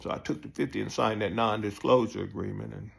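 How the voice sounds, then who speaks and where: A man telling a profane comic story, jumping up high when excited. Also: quick pace, creaky. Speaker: comedian storyteller. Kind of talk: comic monologue.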